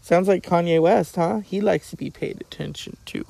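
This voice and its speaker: Middle-aged male host; gravelly, a touch high, loose profane banter. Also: moderate pace, mellow, no echo. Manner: profane, joking, chatting to his cat. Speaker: podcast host. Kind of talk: casual rambling monologue.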